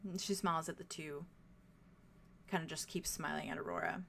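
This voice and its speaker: Gravelly low-voiced woman game master. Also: fairly even intonation, normal speed, fairly bright tone, a little hiss or hum. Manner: descriptive, many fillers like "like" and "kind of". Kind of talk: narrating a tabletop game.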